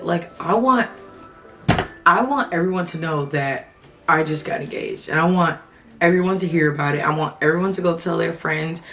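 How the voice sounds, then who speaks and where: A woman in her twenties telling a personal story to camera, chatty and gushing. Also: on the low side. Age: 20s. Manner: chatty and gushing, with many fillers like "like" and "you know". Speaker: vlogger.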